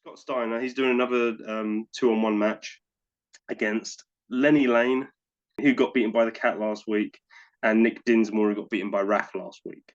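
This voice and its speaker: A man co-hosting a podcast in casual chat, enthusiastic and quick to act out little asides. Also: lowish voice, fairly even intonation, lo-fi sound, soft background music. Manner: enthusiastic, talks in bursts with quick acted-out asides. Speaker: podcast co-host.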